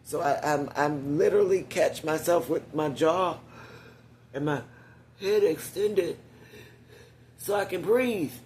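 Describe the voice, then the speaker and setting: A man's voice: on the high side, takes it slowly, pauses often, a little mellow, a little hiss or hum. A man in a casual vlog monologue, chatting directly to viewers with frequent whispered asides and getting short of breath when he talks for long.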